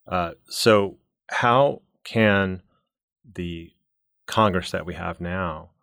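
A man hosting a podcast interview, asking long, deliberate questions. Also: low-pitched, creaky, a bit bright, clean tone, dry recording, studio quality.

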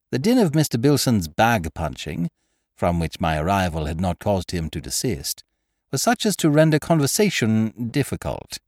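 A man narrating a classic story in a measured, wry storytelling manner, close to the mic. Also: on the low side, darkish tone, dry recording. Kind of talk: audiobook reading of a classic story.

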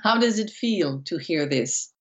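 A woman channeling a collective of spirit entities, speaking as "we" in slow, deliberate, repeated phrases. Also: lowish voice, animated, muffled recording.

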